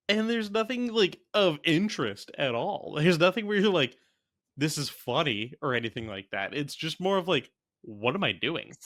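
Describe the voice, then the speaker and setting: On a podcast, a young adult male co-host casually and incredulously recounts scenes from a bad movie in relaxed movie review chat. His voice is mid-range with a fairly bright tone.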